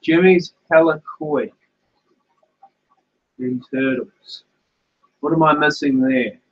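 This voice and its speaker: Chatty man with a husky voice. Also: a little high, fairly even intonation, takes it slowly. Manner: chatty, thinks aloud while reading comments. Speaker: live stream host. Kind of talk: casual live-stream chat. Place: home fish room. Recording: dull lo-fi stream audio.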